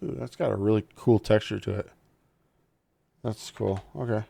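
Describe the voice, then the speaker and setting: A man with a low, gravelly voice talks his way through an unboxing, swearing freely and joking to the camera. The sound is close and dry, with no room around it. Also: normal speed, no echo. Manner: profane, excitable, jokey talk to the viewers. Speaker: tech reviewer. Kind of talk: casual unboxing commentary.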